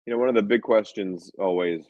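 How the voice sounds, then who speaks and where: A man with a deep, low voice chats as a film director in an interview. He tells animated stories, acting out the quotes and laughing often. The sound is dry and a bit dull, like a modest lo-fi setup. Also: a little fast, dry recording. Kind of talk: casual interview talk.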